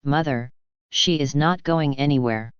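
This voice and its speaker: A narrator reading the lines of a stubborn young man talking back to his family, in a slow storybook voice. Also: medium pitch, smooth, no echo, close to an everyday voice. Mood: pleading. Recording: slightly dull, dry recording.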